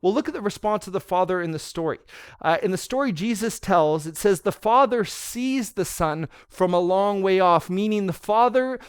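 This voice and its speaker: A man in his thirties giving a sermon as pastor, telling stories earnestly and dropping softer and slower for tender quoted words. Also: high voice, expressive, smooth, no echo. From Canada. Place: church.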